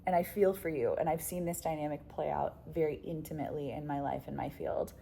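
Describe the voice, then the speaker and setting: Low-voiced woman in a blunt, chatty vlog. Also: steady tone, fairly quick, creaky, warm tone, a little hiss or hum. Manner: chatty, filler-heavy, blunt and swearing, laughs often. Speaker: relationship coach vlogger. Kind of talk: candid casual monologue to camera.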